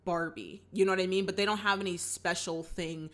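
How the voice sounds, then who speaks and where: A woman's voice: fairly low pitch, a little fast. A young woman hosting a movie reaction, recapping the plot in casual chat and talking straight to her viewers. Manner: animated, acts out characters' lines, talks to viewers as y'all.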